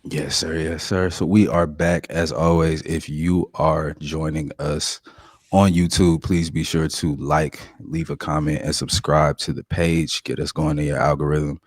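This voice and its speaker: A man's voice: extremely low pitch, level tone, unhurried, slightly rough, dry recording. An American man hosting a casual podcast, laid-back as he welcomes the crew and reads the show plugs. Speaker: podcast host.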